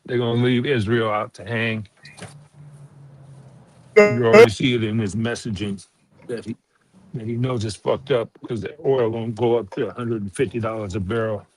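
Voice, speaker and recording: A man's voice: on the low side, fairly even intonation, normal speed, long pauses, a little hiss or hum, poor audio. A man bluntly giving casual political opinions with profanity.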